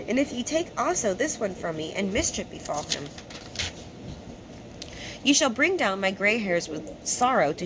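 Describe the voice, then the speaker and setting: A woman's voice: mid-range voice, noisy background. A woman teaching scripture, reading passages aloud and then retelling them in casual words with fillers.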